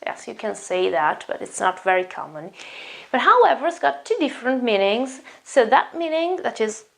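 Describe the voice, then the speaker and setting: Woman with an Italian accent, English teacher, explanatory and self-correcting, slightly gravelly voice. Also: on the high side, big pitch swings, moderate pace. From Italy. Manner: explanatory, repeats words and restarts often. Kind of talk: online English lesson.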